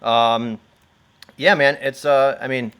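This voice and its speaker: Male host, mid-pitched, loose and rambling. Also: steady tone, takes it slowly, a bit bright, smooth. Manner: rambling, heavy fillers, laughs often. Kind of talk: casual livestream chat.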